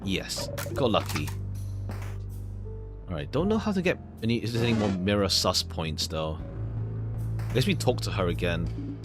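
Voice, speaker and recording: A man chatting through a video game playthrough, his low voice rising and falling in lively swings. He rambles and restarts his thoughts. Faint background music plays beneath him. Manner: rambling, halting, with filler words. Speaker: let's play gamer. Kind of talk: casual game commentary.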